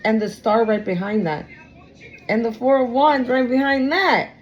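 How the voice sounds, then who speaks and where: A woman's voice: on the high side, moderate pace, highs cut off. Profane, emphatic woman reading tarot. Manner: blunt, profane, emphatic, addresses viewers as y'all. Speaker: tarot reader. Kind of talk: casual tarot reading to viewers.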